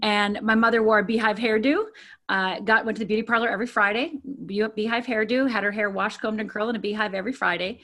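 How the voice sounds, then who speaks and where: A woman's voice: mid-range voice, steady tone, fast talker, fairly bright tone. A middle-aged woman from the of Michigan, telling her personal story candidly as an interview guest, with many fillers and repeated words. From Upper Peninsula of Michigan.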